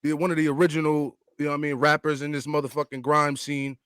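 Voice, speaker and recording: A showy American man acting as hype man on a podcast, with a voice on the higher side. He builds up the guest with swagger and curses, and the sound is dry and close. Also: flat delivery, fast, a bit bright, clear, resonant tone, dry recording. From United States. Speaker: co-host. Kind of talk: hype introduction.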